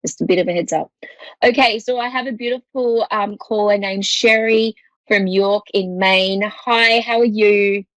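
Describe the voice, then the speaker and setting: A woman's voice: mid-range voice, steady tone, unhurried, fairly bright tone, no room sound, poor audio. A woman with an Australian accent hosting a psychic call-in show, talking in a rambling, reassuring way with many restarts. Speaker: psychic medium host.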